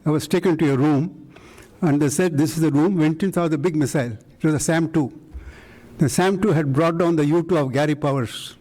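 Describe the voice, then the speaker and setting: Recounting his career as an invited speaker, an older man from India delivers a live lecture anecdote with emphasis, performing the lines of dialogue himself. The audio is poor; his voice sits a little high and sounds darkish.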